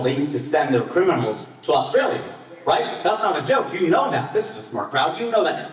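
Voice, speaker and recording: A man in his late forties performing a live stand-up comedy set on a festival stage, with his voice jumping up in pitch and volume on the punchlines. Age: 40s. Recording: echoey hall, voice from far off.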